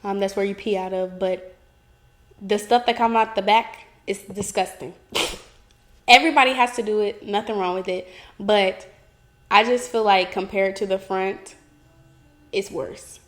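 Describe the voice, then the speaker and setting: Young woman, podcast host, mid-pitched, candid confessional chat, chatty and giggly. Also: steady tone, a little slow, long pauses.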